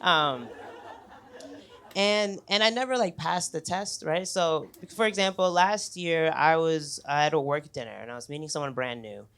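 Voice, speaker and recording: A man's voice: on the high side, a little slow, a bit bright, clear, resonant tone. A young man telling a stand-up story on a club stage, talking conversationally, chuckling between lines and swearing freely. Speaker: stand-up comedian. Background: audience laughter.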